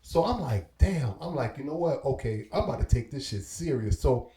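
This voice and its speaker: His voice is mid-range and mellow with lively intonation at a moderate pace, and the recording sounds roomy. A middle-aged guest from Belize and New York with a Belizean-Caribbean accent, he spins casual stories in laid-back street slang, acting out quoted dialogue.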